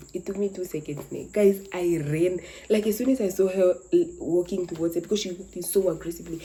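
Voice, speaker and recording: A woman's voice: on the low side, a little fast, background noise. A young woman, animatedly telling a dramatic story from her life in casual chat. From Namibia. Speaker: content creator.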